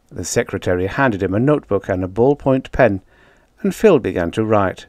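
Expressive male audiobook narrator. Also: fairly low pitch, moderate pace, dry recording, clean studio sound. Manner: expressive storytelling. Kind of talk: scripted narration.

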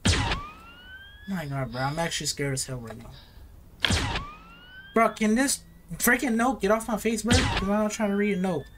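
A woman's voice: medium pitch, lively intonation, normal speed, pauses often. A woman narrating her own horror game play, nervous and pleading, talking in slang. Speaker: gamer. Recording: noisy recording.

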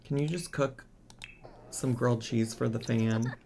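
An exasperated man narrating his game in a slow, unhurried way, his voice gravelly with creak. He talks casually and keeps scolding the characters on screen, with faint keyboard clicks behind him. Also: medium pitch, steady tone, mellow, a little hiss or hum. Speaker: gaming streamer. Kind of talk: casual let's-play commentary.

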